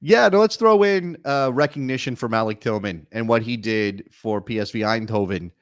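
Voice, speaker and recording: A man co-hosting a soccer talk show, talking in an animated, wry way with many quick restarts. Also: medium pitch, dry recording, studio quality. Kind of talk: casual sports talk.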